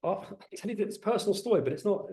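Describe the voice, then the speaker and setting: A middle-aged man, a rabbi, teaching a Torah class to a group, animated and questioning, often repeating words as he speeds up. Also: high voice, quick pace. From England. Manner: animated, asks the audience questions, repeats words when excited. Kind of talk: lively teaching talk to a group. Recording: roomy echo.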